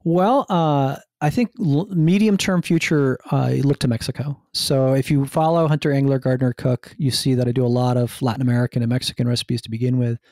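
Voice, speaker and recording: A man from New Jersey speaks as a guest in a podcast interview. His voice has a gravelly rasp, and his eager talk runs on with restarts. The recording is dry and close. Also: mid-range voice, steady tone, a little fast, hardly any pauses, a little mellow, no echo. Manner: enthusiastic, rambling with many restarts. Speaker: guest, food writer and hunter.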